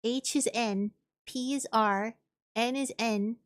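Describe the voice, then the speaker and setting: A woman's voice: a little high, fairly even intonation, slow pace. A woman streamer chatting casually while gaming, thinking aloud and answering chat.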